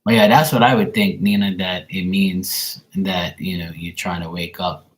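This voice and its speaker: Deep-voiced man chatting casually on a livestream. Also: fairly even intonation, normal speed. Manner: rambling, profane, storytelling. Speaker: tarot reader on a livestream. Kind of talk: casual livestream chat with viewers.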